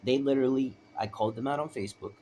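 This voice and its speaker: A man's voice: medium pitch, rapid-fire, dark tone, a little hiss or hum. A man telling his own story in a rambling, emphatic way, often asking "right?". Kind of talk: personal storytelling.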